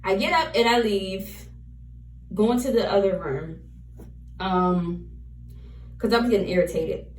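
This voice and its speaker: A woman's voice: medium pitch, a little slow, pauses often, far from the mic, slight background noise. A woman vlogger candidly retelling a personal story to camera, repeating key phrases as she goes. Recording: roomy, from off the mic.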